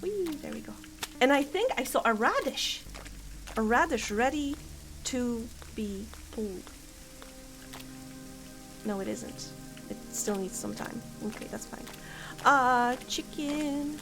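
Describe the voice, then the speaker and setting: Over clearly audible game music, a woman streamer gives casual commentary, musing aloud and giggling frequently. Her voice is on the high side and expressive, with a slow pace and frequent pauses.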